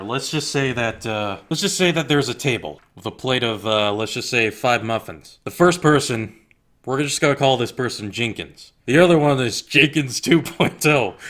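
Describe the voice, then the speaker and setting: A young man delivers a heated rant straight to his audience. He is blunt and profane, with a mid-pitched voice that keeps pressing forward. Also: a bit bright. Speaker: YouTuber. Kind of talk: angry rant to camera.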